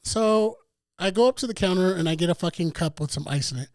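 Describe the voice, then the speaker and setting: A man's voice: high voice, fast talker, dry recording. A man co-hosting a podcast, telling a long profane story in casual chat. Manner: profane, laid-back storyteller. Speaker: podcast co-host.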